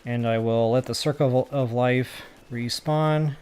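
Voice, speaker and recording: A man giving casual gameplay commentary for a building tutorial, chatty and self-mocking as he thinks out loud. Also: mid-range voice, fairly even intonation, unhurried, clean tone. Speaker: gaming tutorial creator.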